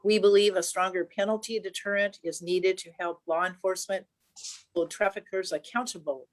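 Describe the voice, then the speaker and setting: A woman state senator giving earnest, measured remarks at a press conference, partly read from prepared notes. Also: mid-range voice, steady tone.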